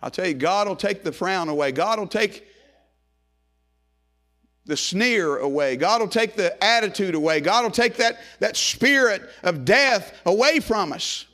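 In an animated, unhurried delivery, a preacher moves from loud, rising calls to quiet, low phrases, repeating lines so the cadence builds through his sermon.

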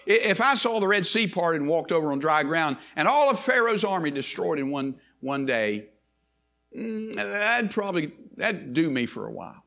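A man's voice: a little high, very animated, normal speed, creaky, sharp tone. A man preaching a sermon in an emphatic way, often restarting and repeating words.

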